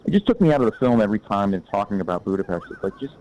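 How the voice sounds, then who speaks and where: A man's voice: lowish voice, sing-song, very fast, a little mellow, muffled recording. A man bluntly giving his opinions in a casual chat about old films. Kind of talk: casual film discussion.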